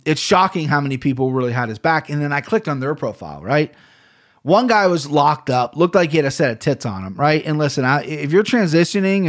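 Podcast host guy, kinda high voice, rambly and sweary, says "right?" a lot. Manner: rambling, profane, keeps adding "right?". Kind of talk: casual solo podcast monologue.

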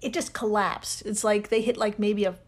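A woman's voice: mid-range voice, steady tone, normal speed. A young woman co-hosting a podcast, chatting casually, laughing often and swearing casually. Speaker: podcast co-host. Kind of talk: casual chat.

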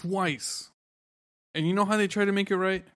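A man's voice: high voice, fairly even intonation, normal speed, fairly bright tone. A man co-hosting a casual podcast, reacting with profane mock outrage to his friends' stories. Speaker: podcast co-host. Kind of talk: casual chat.

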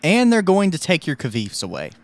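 A man co-hosting a casual podcast, animated and giggly, telling crude jokes. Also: a little high, brisk, gravelly, no echo. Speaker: podcast co-host.

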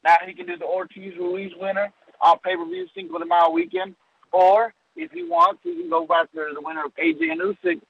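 Fairly high male caller on a muffled line. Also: very animated, brisk, creaky, slightly rough. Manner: rambling, self-interrupting analysis. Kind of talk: call-in phone talk.

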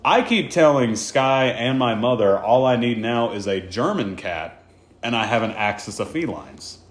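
A man's voice: mid-range voice, animated, moderate pace. A man, chatting as a podcast guest and telling wry, rambling stories. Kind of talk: casual chat. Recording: roomy room with faint noise.

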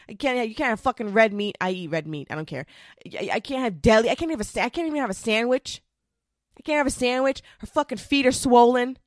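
A young woman vlogging, ranting bluntly and profanely in a casual, animated way. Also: a little high, no room sound, clean studio sound. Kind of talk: casual rant to camera.

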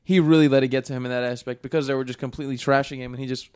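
Fast-talking smooth-voiced man. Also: mid-range voice, fairly even intonation, a little mellow, no room sound, studio quality. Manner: rambling, full of "like" fillers. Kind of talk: casual chat.

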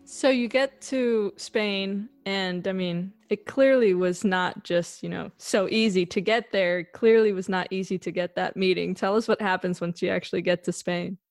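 A woman interviewer on a podcast, asking a question in a slow, measured way. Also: medium pitch, steady tone, faint music behind.

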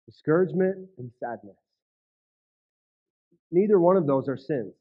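High-voiced pastor preaching conversationally. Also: male voice, lo-fi sound. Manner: conversational, frequent "right?" and "okay?" asides; repeats words when starting phrases. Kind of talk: sermon.

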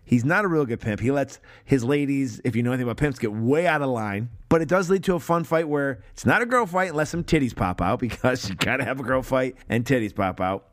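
A man co-hosting a podcast, chatting casually about old films, laughing often and swearing freely as he rambles. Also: on the high side. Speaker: podcast co-host. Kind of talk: casual film review chat.

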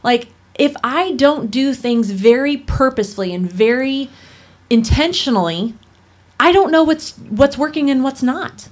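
A woman in her forties, a gut health coach, talking casually in an interview, animated and laughing easily. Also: sits high, a little slow.

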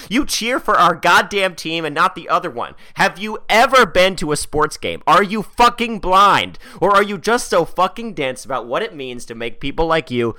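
A man's voice: sits high, sharp tone. A man hosting a podcast, doing a profane, ranting dramatic reading of an email. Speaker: podcast host.

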